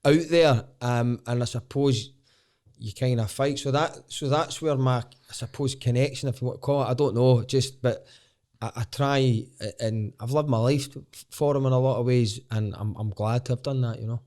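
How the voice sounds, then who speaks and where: A man's voice: mid-range voice, fairly even intonation, normal speed, darkish tone. Glasgow guy, comedian on a podcast, rambly, keeps restarting, swears a lot. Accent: Scottish, Glaswegian. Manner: rambling, self-interrupting, swears casually. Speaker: guest, stand-up comedian. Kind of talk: candid podcast storytelling.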